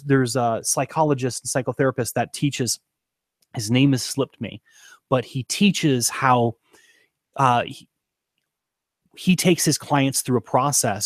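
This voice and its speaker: A man's voice: medium pitch, no echo, clean studio sound. A man coaching on leadership, talking to camera in an earnest, emphatic way and repeating points for stress. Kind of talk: teaching talk to camera.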